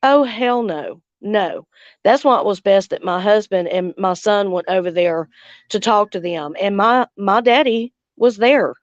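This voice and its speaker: A woman's voice: mid-range voice, unhurried, dry recording, lo-fi sound. A woman, hosting a casual livestream chat, angry and blunt, swearing heavily and answering viewers' comments. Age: 40s. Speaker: livestream host.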